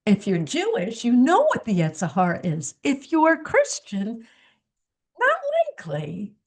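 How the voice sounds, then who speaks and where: Woman podcast host lecturing slow, preachy and teasing, voice on the higher side. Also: wildly swooping pitch. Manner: preachy, lecturing with rhetorical questions; teasing, chuckles at own remarks. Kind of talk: religious commentary monologue.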